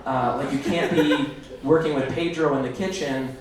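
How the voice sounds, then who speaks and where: A man in his thirties from Illinois doing a stand-up set, rambling and self-deprecating with halting fillers, recorded in a roomy club from far off with an audience. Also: a little high, fairly even intonation, a little hiss or hum. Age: 30s. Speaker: stand-up comedian. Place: small comedy club stage.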